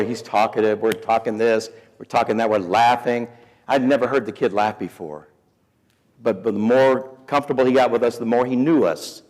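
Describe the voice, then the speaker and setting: A man in his fifties telling a story as a sermon to students, folksy and animated, acting out the people he quotes. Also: on the low side. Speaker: week of prayer speaker. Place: school chapel or auditorium. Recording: hall reverb.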